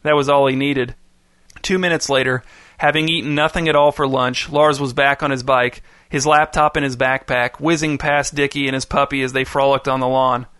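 A man reading a story aloud in steady, even scripted narration. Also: mid-range voice, moderate pace, clear, resonant tone, dry recording, clean studio sound.

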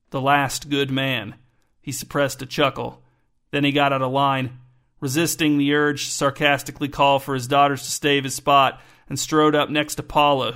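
A man narrating a novel in an even, measured storytelling manner. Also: medium pitch, clear, resonant tone. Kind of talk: audiobook narration.

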